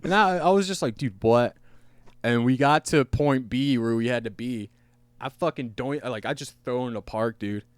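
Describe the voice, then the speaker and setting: A man's voice: mid-range voice, normal speed, clean tone, no room sound. Male podcast host, casual rambling storyteller, swears freely, dry close sound. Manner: rambling, profane, laughing at his own story. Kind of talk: casual storytelling among friends.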